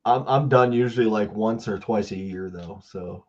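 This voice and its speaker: A man's voice: lowish voice, normal speed. A man co-hosting a podcast in casual chat, rambling and often restarting his sentences. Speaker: podcast co-host. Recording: slightly dull lo-fi sound.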